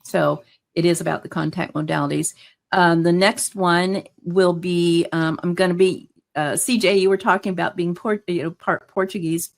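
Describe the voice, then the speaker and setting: A woman's voice: on the low side, fairly even intonation, moderate pace, gravelly. A woman guest in a casual interview, talking earnestly and enthusiastically with many fillers. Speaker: guest, hypnotherapist.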